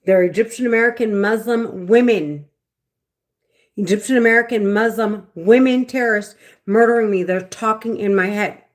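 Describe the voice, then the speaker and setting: A woman talking alone in an agitated, insistent way. She repeats herself over and over, rushing through some lines and dropping to low mutters on others. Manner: agitated, repetitive, swings between fast bursts and low mutters. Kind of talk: casual monologue to camera.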